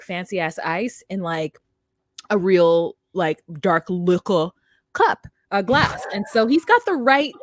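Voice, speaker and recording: A young woman co-hosting a casual recap chat, animated, acting out quotes in exaggerated voices. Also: medium pitch, dry recording, studio quality. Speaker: podcast co-host.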